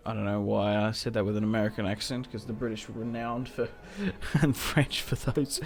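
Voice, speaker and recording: A young man giving casual commentary over a strategy game, chatty and quick to react loudly when things go wrong. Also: lowish voice, flat delivery. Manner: chatty, reacts loudly to setbacks, self-mocking laughs. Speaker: gaming YouTuber.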